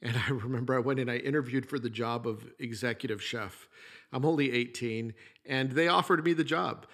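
A man's voice: medium pitch, fairly quick, fairly bright tone. Middle-aged man telling kitchen stories. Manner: storytelling, conversational, plainspoken with mild swearing. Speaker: podcast host, former chef. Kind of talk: casual solo podcast monologue.

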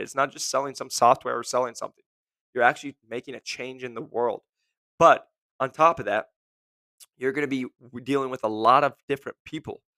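A man's voice: mid-range voice, a bit bright, no echo. Blunt, emphatic man podcast host. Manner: emphatic, repeats "guess what", mimics whiny voices. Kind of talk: blunt motivational talk.

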